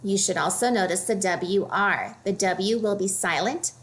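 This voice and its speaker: Slow, careful woman teaching phonics. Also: mid-range voice, fairly bright tone. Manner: slow, clear, modeling each word. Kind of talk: phonics lesson for children.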